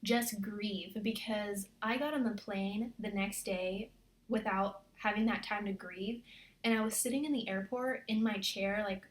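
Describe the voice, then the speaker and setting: A woman's voice: mid-range voice, steady tone, a little slow. Chatty young woman in an echoey room. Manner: chatty, filler-heavy, earnest and encouraging. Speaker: military spouse vlogger. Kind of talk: casual confessional vlog.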